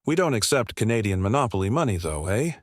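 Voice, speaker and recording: Man playing a snide, taunting young barista, low voice, dry sound. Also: sing-song, fast talker, no room sound. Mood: mocking. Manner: sneering, taunting. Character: sarcastic mocking young barista.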